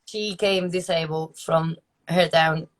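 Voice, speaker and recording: A woman's voice: deep voice, fairly even intonation, slow pace. A woman being interviewed, answering candidly and laughing often. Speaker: guest, dancer and magician. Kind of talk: casual interview chat.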